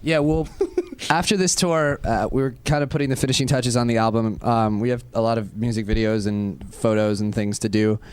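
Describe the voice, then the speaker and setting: A young man in his twenties, a band member giving a casual backstage interview, laid-back and quick to laugh. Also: medium pitch, steady tone, clear, resonant tone, dry recording. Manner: laid-back, laughs often, jokes with bandmates. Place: backstage at a music venue.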